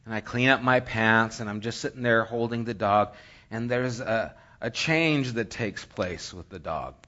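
A man preaching, telling a lively story and acting out scenes, sometimes sinking to a hushed near-whisper. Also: lowish voice, measured pace, muffled recording. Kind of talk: sermon storytelling.

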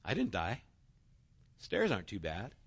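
A man's voice: fairly low pitch, huge pitch swings, unhurried, husky, pitched below the performer's own voice, exaggerated voice. A man voicing the thoughts of a big, frightened dog, putting on a panicky inner voice. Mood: relieved. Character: frightened big dog, male, timid then proud.

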